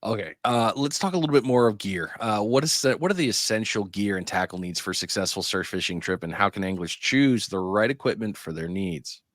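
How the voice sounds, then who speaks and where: Podcast host guy, low voice, dry close mic, chatty and jokey, laughs a lot. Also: lively intonation, fairly quick, few pauses, fairly bright tone, dry recording. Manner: chatty, jokey storyteller who laughs easily. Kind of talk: casual podcast interview.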